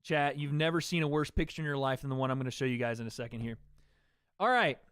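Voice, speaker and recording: Fast-talking male fight streamer, dry sound. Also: medium pitch, fairly bright tone, smooth, no room sound. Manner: chatty, swears freely, talks to chat between calls. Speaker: livestream host. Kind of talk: fight watch-party commentary.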